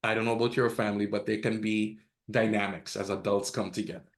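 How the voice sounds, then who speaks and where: On a podcast, a male guest shares candid personal stories in a casual interview, laughing at them himself and acting out the quotes. He speaks quickly in a fairly low, level voice.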